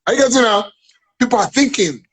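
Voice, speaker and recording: A man's voice: extremely high pitch, expressive, fast talker, crowd noise, low-quality recording. A man with a Nigerian accent talking as an interview guest, emphatic and preachy, often checking that he is understood. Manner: emphatic, preachy, repeats "are you getting me now". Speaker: guest, playwright and businessman. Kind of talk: animated interview chat.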